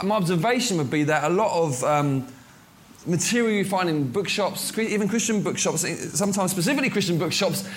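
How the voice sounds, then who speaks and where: A man's voice: high-pitched, slight background noise. A man preaching a conversational sermon, full of fillers and restarts as he speaks to his congregation. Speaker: pastor.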